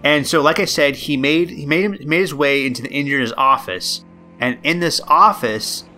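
A man's voice: a little high, normal speed, pushed and bright, soft background music. A man hosting a podcast, telling a true story casually and rambling with many ums and uhs. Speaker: podcast host.

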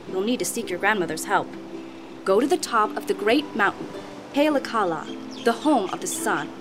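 Gentle wise mother, calm, soft, patient, a bit higher, woman voicing her. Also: natural voice.

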